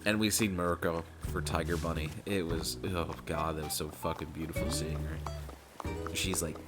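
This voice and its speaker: A man's voice: deep voice, steady tone, normal speed. A man streaming and chatting casually, rambling and profane, laughing often. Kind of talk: casual chat while gaming. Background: music.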